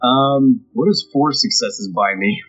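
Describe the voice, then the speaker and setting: Husky guy at a tabletop game, deadpan, dull lo-fi sound. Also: mid-range voice, measured pace, soft background music. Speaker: player. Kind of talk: casual play at a tabletop game. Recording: dull lo-fi stream audio.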